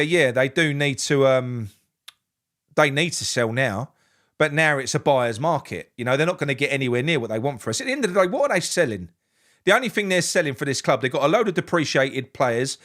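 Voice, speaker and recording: Man, fan channel host, live reaction, frustrated, swears a lot, slightly high voice. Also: a bit bright. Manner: frustrated, swearing, restarts often. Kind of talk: live match reaction with chat.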